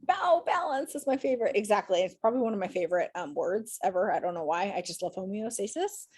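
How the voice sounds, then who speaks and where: A woman's voice: medium pitch, expressive, fast talker, a little mellow, husky. A woman teaching an online class over a video call, chatty and encouraging, her voice tired after a day of teaching. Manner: chatty, encouraging, upbeat with students.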